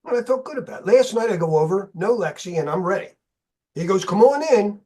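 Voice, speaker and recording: Man, podcast host, high voice, husky, animated storyteller, casual chat. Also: fast. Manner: animated storyteller, swears freely.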